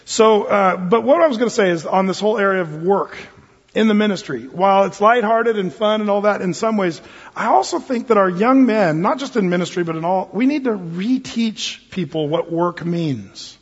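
A man's voice: sits high, moderate pace, breathy edge. A man preaching a sermon as pastor, in a conversational, joking way. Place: church sanctuary. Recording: reverberant hall, dull lo-fi sound.

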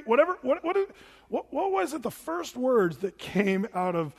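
A middle-aged male pastor giving a chatty, animated sermon full of stories and restarts. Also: very high-pitched, moderate pace, vocal fry, husky. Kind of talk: sermon with storytelling.

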